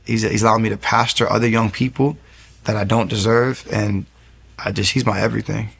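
A man in his thirties, giving an earnest faith testimony as a guest in fast storytelling with many restarts. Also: fairly low pitch, fairly even intonation, vocal fry, slightly rough.

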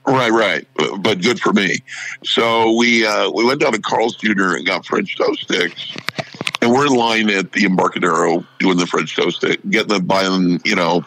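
Gravelly low-voiced man telling a story. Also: moderate pace, rough recording. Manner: animated storyteller acting out quoted voices. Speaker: radio morning show personality. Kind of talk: casual storytelling interview.

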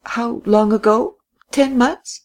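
A reader voicing a healthy, jolly young widow from a storybook. She speaks in high, distinct tones and is quick to mock and laugh. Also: fairly even intonation, a little mellow, close to an everyday voice. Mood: teasing.

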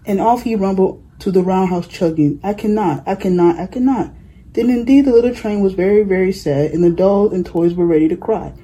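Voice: mid-range voice, a little fast, few pauses, dark tone, rough recording. A reader narrating a children's picture book aloud in a plain storybook manner.

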